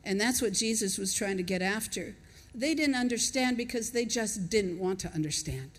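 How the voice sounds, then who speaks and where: A woman's voice: mid-range voice, animated, moderate pace. A woman preaches to her congregation in an easy, conversational way. She thinks aloud and puts questions to the listeners as she goes. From not from Australia, lives there. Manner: conversational, reflective, chuckles between points. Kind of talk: sermon.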